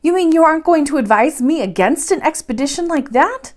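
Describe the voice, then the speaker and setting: A woman's voice: high voice, animated, a little fast, voice pushed up. A worried, timid young man in a storybook reading, as a woman reader puts him on. He falters and hesitates, easily shaken. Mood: uneasy. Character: anxious timid young man, a scientist's nephew.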